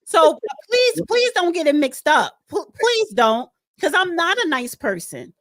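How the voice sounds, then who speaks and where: Woman host giving blunt advice, high voice, dry close sound. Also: sing-song, a little slow, a bit bright, no room sound. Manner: blunt, combative, lecturing. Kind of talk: casual talk show chat.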